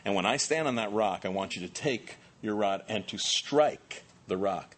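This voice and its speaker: A man voicing God as a calm, commanding male deity, speaking in a low, steady, instructing tone. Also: normal speed.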